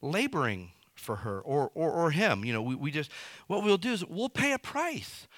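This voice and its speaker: A man preaching in a lively, swooping voice that jumps up and drops down through a folksy, conversational sermon. His tone is bright and ringing, a little higher than most men's. The sound is close and dry. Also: normal speed, dry recording. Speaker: pastor.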